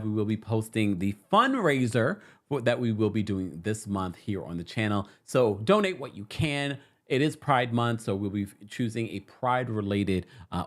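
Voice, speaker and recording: A man with a mid-range voice hosts a casual live-stream recap from New York City. He chats, reads viewer comments aloud, and laughs frequently.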